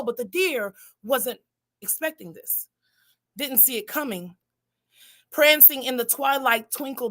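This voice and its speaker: A woman performs a spoken word poem in a high, bright voice. Her delivery is dramatic and rhythmic, dropping to a hush and then rising to a shout. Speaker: competing poet.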